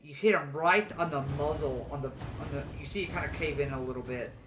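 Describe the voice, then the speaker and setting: Man game master with loud music behind. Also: fairly high pitch. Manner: brisk, rules on rolls, narrates hits with sound effects. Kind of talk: running a tabletop game.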